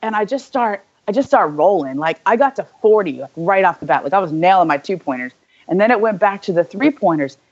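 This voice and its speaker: A young woman co-hosting a podcast, telling a story in a casual, animated way, full of "like" and quick asides. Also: mid-range voice, highs cut off. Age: young adult. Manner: animated, filler-heavy storytelling with lots of "like". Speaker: podcast co-host.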